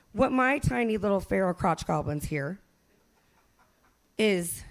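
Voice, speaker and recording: A woman in her forties delivers a stand-up comedy set in a brash, profane, self-mocking way. Her voice sits a little high and carries a gravelly fry. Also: big pitch swings, normal speed.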